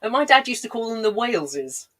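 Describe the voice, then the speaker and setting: A woman's voice: fairly high pitch, big pitch swings, a little fast, a bit bright, low-quality recording. Woman, comedian, slightly congested, lingering cough, rambling digressive stories, dry self-deprecating asides, home livestream mic. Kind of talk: rambling comic storytelling on a livestream.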